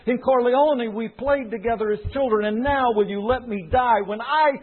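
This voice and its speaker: A man's voice: very high-pitched, moderate pace, breathy edge, pitched above the performer's own voice. A man voicing a dying old male mobster who begs in terror, his voice quavering. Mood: desperate pleading. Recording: tinny phone-like sound.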